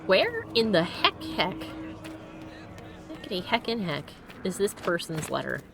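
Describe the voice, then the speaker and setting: A woman's voice: mid-range voice, wildly swooping pitch, unhurried, gravelly, background noise. A woman in her thirties from Connecticut, chatting playfully through a let's-play, laughing often and joking with silly wordplay. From Connecticut, USA. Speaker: streamer. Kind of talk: casual let's-play commentary.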